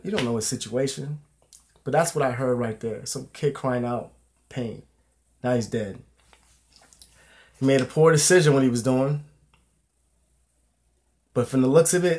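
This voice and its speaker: A young man talking casually to his viewers in a vlog, loose and profane, with plenty of slang and fillers. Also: mid-range voice. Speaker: vlogger.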